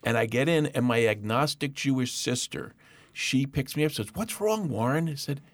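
A middle-aged man telling a personal testimony in a lively, animated way, acting out the voices of the people in his story. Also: medium pitch, normal speed, no echo. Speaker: guest.

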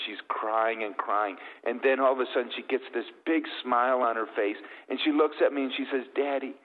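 A middle-aged man, a guest, telling an emotional faith story in an earnest, tender way. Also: lowish voice. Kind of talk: emotional testimony. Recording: tinny, phone-like sound with long reverb.

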